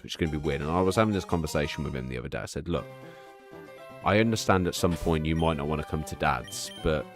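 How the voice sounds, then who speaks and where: A young man chatting casually on a stream, rambling and swearing freely as he tells stories. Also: extremely low pitch. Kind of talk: casual chat.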